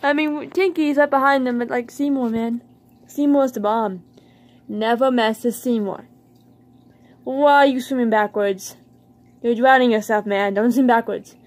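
A woman chatting casually in a vlog about her pet fish, excitable and playfully scolding them as she talks. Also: fairly high pitch.

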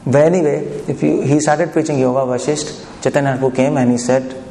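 A man's voice: mid-range voice, steady tone, fast talker, gravelly, mellow. A man giving a devotional lecture, chatty and often asking the audience questions. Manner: conversational, asks the audience questions. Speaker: preacher. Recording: echoey hall, faint background noise.

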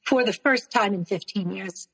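A woman tells her own story as a guest, breaking off and restarting often. Her voice is husky and breathy. The recording rings with a long reverb tail. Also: mid-range voice, a bit bright. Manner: halting, with many restarts and repeated words. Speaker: interview guest. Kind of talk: emotional personal storytelling.

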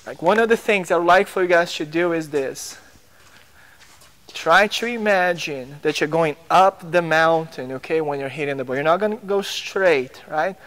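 A man's voice: fairly high pitch, moderate pace, a bit bright. A man coaching young players on a tennis court, encouraging them with short drill commands.

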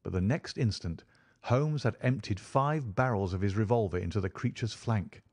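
Low-voiced male audiobook narrator. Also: moderate pace, darkish tone, breathy edge. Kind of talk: scripted narration.

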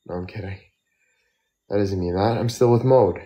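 A young man chatting casually on a phone livestream, tired and tipsy from drinking, rambling slowly with lots of fillers. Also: fairly low pitch, warm tone. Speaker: model and livestreamer.

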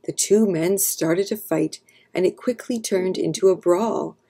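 A woman narrating an abridged classic play as a calm, steady read-aloud story for children. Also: on the low side, a little slow, husky. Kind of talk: scripted narration.

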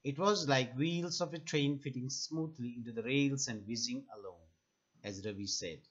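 A man, a teacher reading a textbook chapter aloud for children in a clear, steady way. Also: mid-range voice, normal speed. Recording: slightly muffled lo-fi recording.

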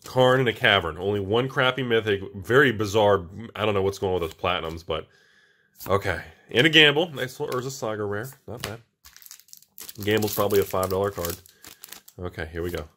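A man hosting a casual card-unboxing video, talking to viewers as he opens packs, excitable and repeating himself. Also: lowish voice, fairly quick. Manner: excitable, repeats words, often addresses viewers as everybody. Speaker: channel host opening card packs.

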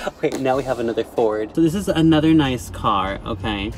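A sassy, judgmental valley-girl vlogger, put on by a man, gossips from a parked car. She pads every phrase with "like" and sharp little "okay?"s, swinging between hushed asides and shrill, giggly jabs. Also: animated, a little fast, faint music behind, close to an everyday voice. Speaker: comedy sketch host. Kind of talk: comic character monologue.

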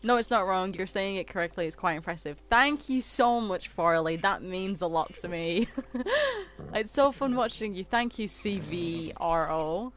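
A woman's voice: lowish voice, moderate pace. Giggly young woman streamer. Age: 20s. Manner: chatty and giggly, reading out and answering chat. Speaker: game streamer. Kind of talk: casual live-stream chat with viewers.

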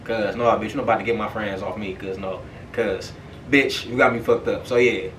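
A young man hosting a podcast, telling a story in a casual, profane, animated way and often checking in with "right?". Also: lowish voice, a little fast, slight background noise. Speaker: podcast host. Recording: echoey room, far from the mic.

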